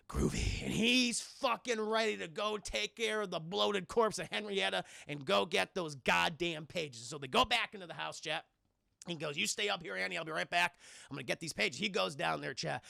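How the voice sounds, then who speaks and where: Young male streamer, high gravelly voice, bright and excitable, profane casual recap delivery. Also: dry recording, studio quality. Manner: excitable and profane, keeps addressing the chat. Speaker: film reviewer and streamer. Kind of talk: casual scene-by-scene film recap to a live chat.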